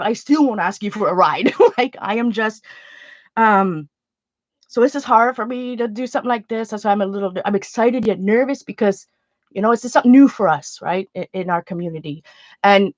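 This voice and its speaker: A woman hosting an art channel, talking casually to her viewers in a halting, emotional way, close to tears. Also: a little high, dry recording, dull audio. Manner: emotional, halting, many restarts. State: near tears. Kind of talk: casual livestream chat to viewers.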